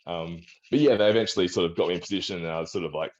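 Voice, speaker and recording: Over dull audio, a man with a low voice speaks rapid-fire. This Australian strongman and personal trainer is chatting as a guest in a casual interview, his story rambling with restarts as he acts out the doctors' remarks.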